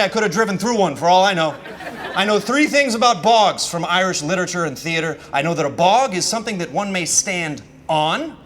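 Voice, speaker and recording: High-voiced American man doing stand-up. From Washington DC, USA. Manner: animated, exasperated storytelling with acted-out dialogue. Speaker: stand-up comedian. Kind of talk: stand-up comedy set. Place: comedy festival stage with laughing audience. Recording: live club recording with audience noise.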